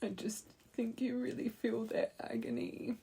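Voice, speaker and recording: A woman's voice: fairly high pitch, steady tone, measured pace, vocal fry, mellow, breathy edge. A woman giving an earnest, heartfelt tarot reading, speaking straight to the viewer and rambling with fillers. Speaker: tarot reader. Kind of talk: intuitive tarot reading to camera.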